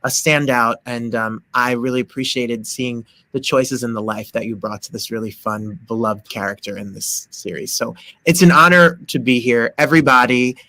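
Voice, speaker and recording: An eager male interview host with a bright, forceful tone, promoting the show and stumbling over restarts. The sound is dry and close, with no room around it. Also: mid-range voice, fairly even intonation, moderate pace, few pauses, dry recording. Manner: enthusiastic, promotional, stammering restarts. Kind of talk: interview hosting, online show.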